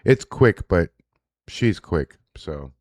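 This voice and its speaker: A man with a very low voice talks bluntly and swears freely as he reacts to posts. He rambles and restarts his sentences. The sound is dry and close, with no room around it. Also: lively intonation, takes it slowly, a little mellow, no echo. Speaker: show host reacting to social media posts. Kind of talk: casual live reaction commentary.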